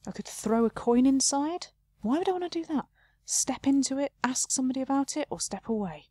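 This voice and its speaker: A woman's voice: sits high, lively intonation, brisk, mellow, husky, no room sound, studio quality. A woman playing a game, chatting casually and reading the game text aloud, often laughing at herself. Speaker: let's play host.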